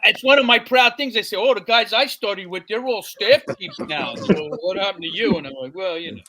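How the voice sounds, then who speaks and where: A man swaps firehouse stories on a podcast. His voice sits high and sounds bright and sharp. He throws himself into every quote and laughs his way through the punchlines. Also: a little fast. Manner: animated, acts out quotes loudly, laughs while telling stories. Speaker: retired fire captain, guest. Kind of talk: casual storytelling chat.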